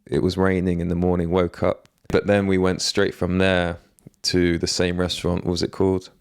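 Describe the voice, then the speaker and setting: A young man from England co-hosting a podcast, relaxed and agreeable in casual chat, laughing along. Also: low-pitched, moderate pace, vocal fry, clean tone. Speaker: podcast co-host.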